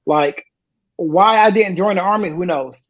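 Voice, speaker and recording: Retired sergeant major in his forties, high-pitched and profane, on muffled podcast audio. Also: measured pace. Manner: profane, animated storyteller. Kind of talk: casual storytelling.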